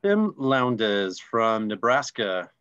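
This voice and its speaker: A man co-hosting a casual online call, reading names in a relaxed, friendly, joking way. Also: fairly low pitch, extremely slow, clear, resonant tone, lo-fi sound. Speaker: co-host.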